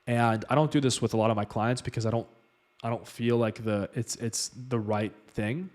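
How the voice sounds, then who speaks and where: A man's voice: mid-range voice, fairly even intonation, moderate pace, a little mellow, natural voice. A man voicing a commanding, self-styled enlightened male acupuncturist who talks down to people. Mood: solemn. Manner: bossy, calls everyone man.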